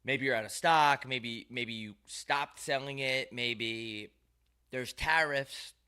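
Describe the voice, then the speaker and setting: A man's voice: medium pitch, slow, bright, forceful tone, clear, resonant tone. A man hosting his own show, telling rambling, profane, wry stories in a loose monologue. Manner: profane, wry, ranting storyteller. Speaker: show host.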